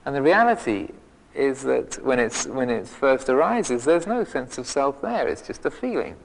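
A man's gravelly voice, at a middle pitch, gives a meandering dharma talk as a monk teacher. He circles back through restarts and filler words and teases himself with dry humor. The sound carries the long reverb of a hall. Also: sing-song, normal speed, a little hiss or hum. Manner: rambling, many restarts and fillers, self-mocking humor. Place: monastery meditation hall.

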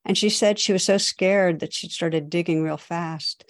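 Low-voiced woman giving a gentle dharma talk. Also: fairly even intonation, no room sound, clean studio sound. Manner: gentle, unhurried storytelling. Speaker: meditation teacher.

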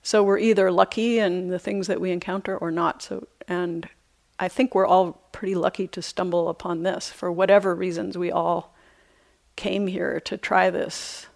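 A middle-aged woman teaching meditation, her voice carrying a gravelly edge. She talks through a retreat dharma talk in a reflective, unhurried way, pausing softly and now and then laughing lightly at herself. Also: fairly low pitch, level tone. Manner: reflective, unhurried, with soft hesitations; light self-amused laughter. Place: retreat center meditation hall.

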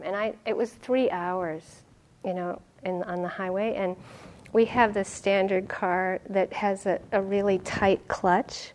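Laughing, animated woman giving a dharma talk. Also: mid-range voice. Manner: animated storytelling, laughing often, acting out quotes. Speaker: meditation teacher.

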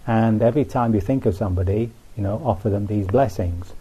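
A man giving an unhurried, folksy meditation talk to a retreat group, full of asides like "you see". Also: fairly low pitch, warm tone, a little hiss or hum, low-quality recording. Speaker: Buddhist meditation teacher. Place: retreat centre.

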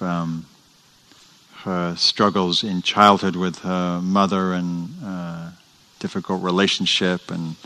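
A man, a meditation teacher, giving a dharma talk with animated storytelling at a meditation center. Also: low-pitched, poor audio.

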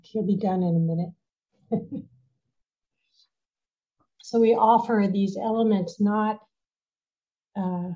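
A woman gives a reflective retreat talk in a slow, mellow, warm voice, easing through her thoughts with soft laughs. The recording has a muffled, lo-fi quality. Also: medium pitch. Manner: gentle, unhurried, laughs softly. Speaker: meditation retreat teacher. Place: at home with a dog nearby.

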